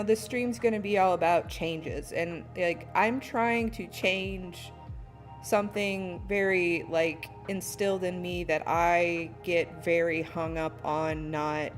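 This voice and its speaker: A woman streamer chatting casually to her viewers while fixing her stream settings, laughing at herself and humming as she works. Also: on the low side. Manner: self-deprecating, giggly, hums to herself while fiddling with settings. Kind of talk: casual live-stream chat. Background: soft lofi music.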